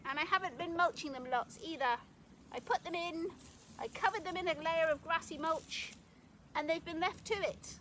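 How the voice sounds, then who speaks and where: A woman's voice: sits high, background noise. A woman casually narrating as she digs in her garden, chatty and thinking aloud. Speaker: gardening vlogger. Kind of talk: casual narration while digging. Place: garden outdoors.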